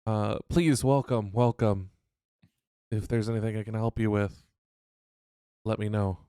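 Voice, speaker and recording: A man's voice: lowish voice, fairly even intonation, unhurried, dark tone, clear, resonant tone, no echo, studio quality, close to an everyday voice. A man voicing a polite male gold dragonborn shopkeeper in a tabletop game, speaking in a courteous, welcoming manner. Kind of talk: tabletop role-play character voice.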